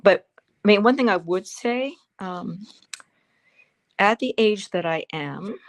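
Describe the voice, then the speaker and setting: A woman's voice: mid-range voice, lively intonation, slow pace. A woman over seventy, an actor as guest in an interview, telling stories expressively with emphatic repetitions. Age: 70s.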